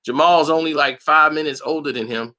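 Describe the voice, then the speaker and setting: A man with a fairly high, fairly quick voice hosts a boxing channel and tells a story in a casual monologue. He's blunt, slangy and combative, and he gets animated, acting out other people's lines in a raised voice.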